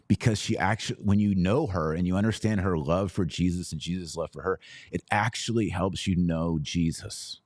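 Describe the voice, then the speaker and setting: A man's voice: low voice, normal speed, a little mellow, dry recording, clean studio sound. A man in his forties hosting a podcast, talking earnestly and personally with emphatic turns. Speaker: podcast host. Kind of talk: casual commentary podcast.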